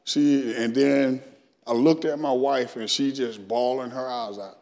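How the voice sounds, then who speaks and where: Standing in a church sanctuary as a guest speaker, a middle-aged Southern man from Alabama recounts his testimony, voicing his past conversations. He speaks at a measured pace in a steady, mid-range, slightly mellow voice, with long church reverb around him.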